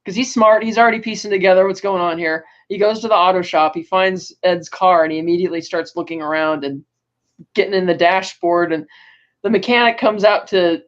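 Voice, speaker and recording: A woman co-hosting a podcast, casually recapping a TV episode in detail with many fillers and quick asides. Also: lowish voice. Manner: retells scenes in detail, acting out characters' lines with filler words. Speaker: podcast co-host. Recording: dull lo-fi audio.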